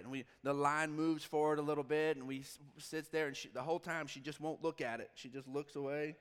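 A man in his forties, a pastor telling a long personal story in a sermon, shifting from lively quoted dialogue to hushed asides. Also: on the high side, a little fast, hardly any pauses, smooth. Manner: storytelling, animated with quoted dialogue and sudden drops to quiet. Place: church sanctuary. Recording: long reverb of a large church hall.

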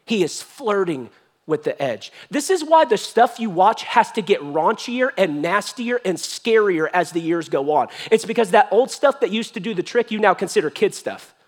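A male pastor preaches to his church. He tells the story in an animated, joking way and slips into voices. His voice sits fairly high for a man. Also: normal speed. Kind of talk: sermon.

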